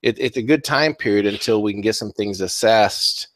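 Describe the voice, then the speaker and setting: A man with a lowish voice co-hosts a political talk show and lays out the news in a steady, halting way. He leans on fillers like "you know" and "uh" as he goes, and his voice sounds dry and close to the microphone. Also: dry recording. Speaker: co-host. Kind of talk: casual political talk radio.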